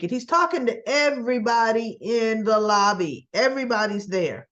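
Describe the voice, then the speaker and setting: A woman casually recapping a soap episode in a chatty, conversational way, dropping quick asides to the listener. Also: a little high, expressive, a bit bright, lo-fi sound. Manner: chatty, conversational asides, acts out quoted lines. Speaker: soap opera recap vlogger.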